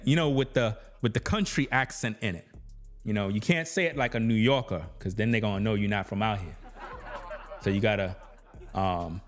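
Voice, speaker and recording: A laid-back New York man with a medium-pitched voice gives casual commentary as a YouTuber. He's chatty and keeps dropping "you know what I mean."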